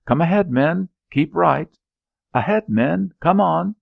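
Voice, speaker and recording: A frantic cavalry officer barks orders over gunfire in a high, strained, gravelly shout, as a man reads him out. The voice is loud, raw and husky, and the recording is dry and a little dull. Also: animated, very slow, dry recording, full character voice. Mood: urgent shouting. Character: shouting male cavalry officer under fire.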